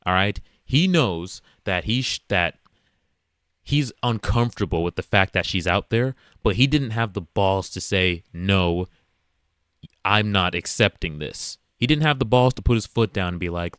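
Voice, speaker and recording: A man's voice: on the low side, expressive, unhurried, fairly bright tone, no echo. Blunt, lecturing man, dry voice. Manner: blunt and emphatic, lecturing other men. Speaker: reaction video host. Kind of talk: casual commentary to the camera.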